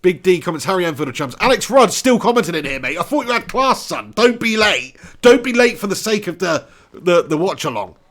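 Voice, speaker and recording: Brief: young man, casual live-stream host, slightly high voice, salty language. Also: sing-song, a little fast, hardly any pauses, fairly bright tone. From Dorset, England. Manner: casual, chatty, swears freely. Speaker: football watch-along host. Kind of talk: live-stream commentary and chat.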